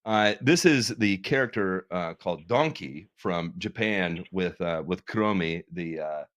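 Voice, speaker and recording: A man's voice: low voice, expressive, measured pace, a bit bright, no room sound. A man hosting a charity livestream, talking casually in a candid, profane, self-deprecating way. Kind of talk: casual chat.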